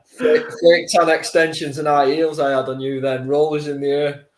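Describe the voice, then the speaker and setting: Higher-pitched man in a roomy space. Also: normal speed. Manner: excited exclamations. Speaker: co-host of a fan watchalong stream. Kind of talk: casual match chat. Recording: roomy echo.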